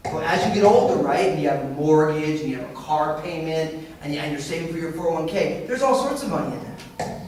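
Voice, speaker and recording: A male pastor preaching a sermon in a church auditorium, telling stories in an animated way with frequent restarts. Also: fairly high pitch, a little fast, slight background noise. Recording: echoey hall, heard from far off.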